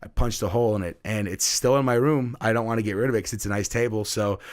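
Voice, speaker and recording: A young adult man, a middle school teacher, telling classroom stories in a casual chat and acting out his students. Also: fast. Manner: animated storyteller who acts out students in high voices.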